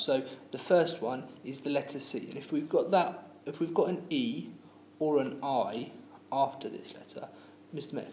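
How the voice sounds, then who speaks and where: A man teacher explaining pronunciation rules patiently, with many fillers and restarts. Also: mid-range voice. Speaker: language teacher. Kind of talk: classroom lesson. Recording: echoey room with faint noise.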